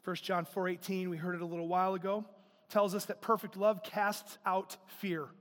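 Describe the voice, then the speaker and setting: A male pastor preaching a sermon, emphatic, rising to loud exclamations. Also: high voice, little pitch movement, moderate pace, long reverb tail. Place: church.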